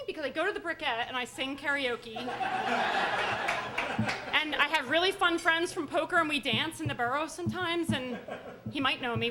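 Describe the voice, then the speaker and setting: Animated, high-strung woman storyteller. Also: normal speed, pauses often, slight background noise. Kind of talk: live storytelling performance. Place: live stage at a story slam.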